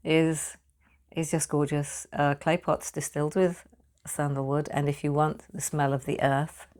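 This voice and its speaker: A British woman with a slightly low voice talks chattily about perfume ingredients. She laughs a lot, and her words tumble and repeat when she gets enthusiastic. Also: flat delivery, a little slow, a little mellow. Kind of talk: casual talk on perfume materials.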